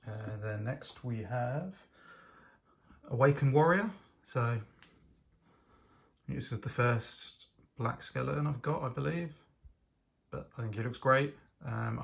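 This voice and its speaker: Gravelly-voiced man reviewing toys. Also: medium pitch. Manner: enthusiastic, hesitant with frequent ums. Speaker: LEGO reviewer. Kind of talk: casual product review.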